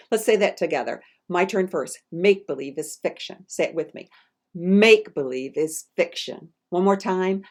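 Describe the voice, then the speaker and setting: An author with a lowish voice reads her picture book aloud to children, animated and lively. She uses call-and-response and adds chatty, teacherly asides along the way.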